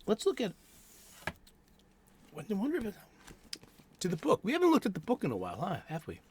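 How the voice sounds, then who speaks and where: A man's voice: sits high, huge pitch swings, fairly quick, a little hiss or hum. A middle-aged man hosting a casual solo chat, rambling with many restarts and fillers. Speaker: host. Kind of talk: casual solo chat about comic books. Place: home studio.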